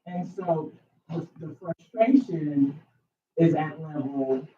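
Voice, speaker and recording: A man's voice: a little high, takes it slowly, slight background noise. A man in a couples workshop voicing a frustration in a hesitant way. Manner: hesitant, frustrated, repeating words. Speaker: workshop participant. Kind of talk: sharing a problem in group discussion. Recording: distant, echoey, dull recording with ambience.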